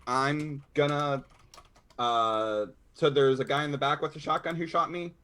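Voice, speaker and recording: A man's voice: on the high side, fairly even intonation, measured pace, sharp tone. A man playing in a tabletop role-playing game, talking casually and easygoing about his character's actions. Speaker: player.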